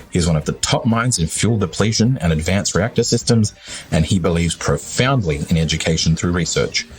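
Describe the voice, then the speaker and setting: A man's voice: sits low, a little mellow. A man reading a scripted podcast introduction in an upbeat, announcer-like way. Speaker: podcast host. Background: music.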